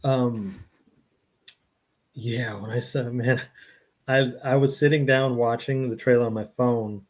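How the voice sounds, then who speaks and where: A man's voice: medium pitch, fairly even intonation, takes it slowly. Enthusiastic male podcast co-host. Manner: enthusiastic fan chatter, chuckling. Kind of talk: casual chat.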